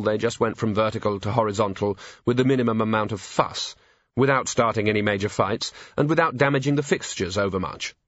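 A man reading a novel aloud as a narrator, in a measured, dry storytelling manner. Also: fairly low pitch, a bit bright, dry recording. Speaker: audiobook narrator. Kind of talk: scripted narration. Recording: dull, dry lo-fi recording.

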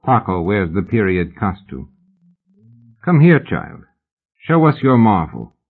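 A cold, precise old collector of great wealth speaks in quiet, formal phrases, as a man reads him in a storybook. The voice sits low and comes through thin and tinny, like a phone line. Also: sing-song, slow pace, gravelly, exaggerated voice.

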